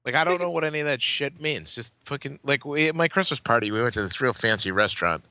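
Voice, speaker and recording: A man's voice: mid-range voice, animated, quick pace, pushed and bright, no echo. A man co-hosting a casual podcast, telling blunt stories and swearing freely as he acts out what people said. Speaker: podcast co-host.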